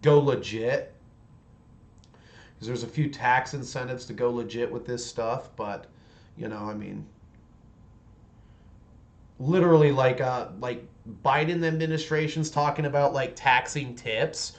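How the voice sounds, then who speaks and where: A man's voice: medium pitch, unhurried, long pauses. A man in his forties chatting casually on a livestream while painting miniatures, rambling along with many restarts.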